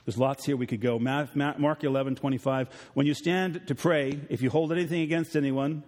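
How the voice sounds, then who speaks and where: A middle-aged male pastor preaching a sermon to his congregation, rising to emphatic peaks and then dropping low and quiet, acting out voices when he retells a story. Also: breathy edge. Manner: acts out voices in retold stories. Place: church sanctuary. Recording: long hall reverb.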